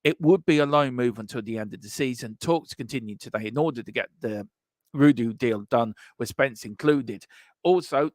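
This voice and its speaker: Guy doing a casual football news stream, loud and boasty, mid pitch, dry close sound. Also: dry recording. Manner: boisterous, boastful, reads out chat messages. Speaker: host of a football transfer news show. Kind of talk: casual live-stream chat.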